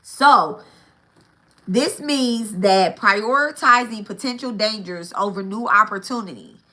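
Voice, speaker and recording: A woman's voice: medium pitch, bright, forceful tone. A woman giving a casual spiritual teaching, blunt and profane, repeating her points and often checking in with "right?" and "okay?". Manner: repeats key phrases for emphasis.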